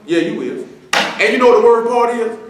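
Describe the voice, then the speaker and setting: A man's voice: very high-pitched, moderate pace. A man preaching and scolding a young man in front of the congregation, talking in a stern, slangy, conversational way. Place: church assembly room. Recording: far from the mic in an echoey hall with faint noise.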